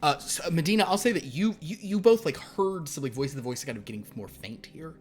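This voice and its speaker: A man narrating a horror tabletop game as game master, halting with fillers and dropping to hushed asides. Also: a little high, expressive. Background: background music.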